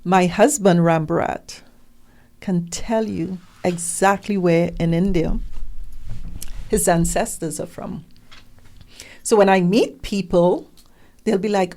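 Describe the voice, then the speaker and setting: A middle-aged woman talking as an interview guest, animated and emphatic, acting out the questions people ask her. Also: lowish voice, measured pace, pauses often. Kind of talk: conversational interview.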